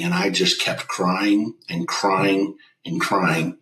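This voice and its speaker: A man's voice: low voice, flat delivery, takes it slowly, sharp tone, echoey room, poor audio. A man, a business owner telling an emotional personal testimony as an interview guest, acting out the dialogue he quotes. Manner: earnest storyteller who acts out quoted dialogue.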